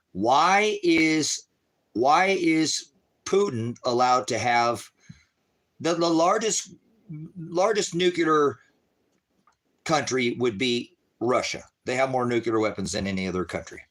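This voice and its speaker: Middle-aged man, livestream preacher type, bright forceful delivery, profane and combative with chat. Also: lowish voice. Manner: profane, shouting at chat viewers. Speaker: livestream ministry host. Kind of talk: angry livestream rant.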